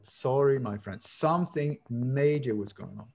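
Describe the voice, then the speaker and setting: A man's voice: medium pitch, moderate pace, hardly any pauses, a little mellow. Emphatic, sarcastic man guest. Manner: emphatic, sarcastic, repeats words for effect. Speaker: interview guest. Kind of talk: animated storytelling in an interview.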